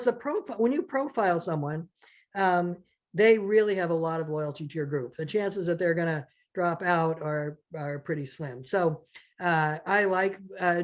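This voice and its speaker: Woman teaching a workshop, kinda low voice, lots of uhs and restarts, acts out little quotes. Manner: conversational, many fillers and restarts, acts out donor quotes. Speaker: fundraising trainer. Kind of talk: online workshop lecture.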